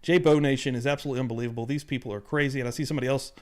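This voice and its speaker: A man's voice: mid-range voice, steady tone, racing. A man hosting a live-streamed podcast, chatting loosely and eagerly thanking viewers in the chat. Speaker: podcast host.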